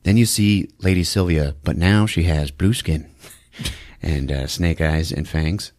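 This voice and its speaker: A man hosting a podcast who recaps a horror film in casual chat, telling it as an animated storyteller. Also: a bass voice, a little slow, no echo, studio quality. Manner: animated storyteller, laughing often. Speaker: podcast host.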